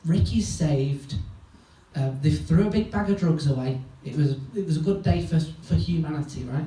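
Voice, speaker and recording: A male stand-up comedian, telling a rambling, sweary story in a deadpan way on a club stage. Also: on the high side, normal speed. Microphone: stage mic. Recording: echoey room from far off, noisy. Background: audience laughter.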